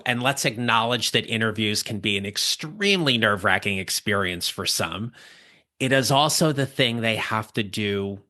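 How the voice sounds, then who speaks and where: A man hosting a career podcast, asking long, measured questions in a deliberate way. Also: mid-range voice, sharp tone. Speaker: podcast host and career coach.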